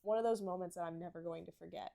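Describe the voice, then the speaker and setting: A woman co-hosts a casual podcast chat about horses. Her voice sits a little on the low side. She tells personal stories in a heartfelt, openly emotional way. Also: fast talker, gravelly, mellow. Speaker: podcast co-host.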